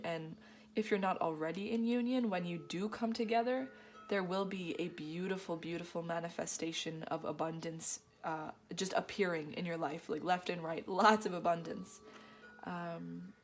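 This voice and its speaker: Low-voiced giggly woman reading tarot. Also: vocal fry. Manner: gushing, affirming, giggly. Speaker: tarot reader.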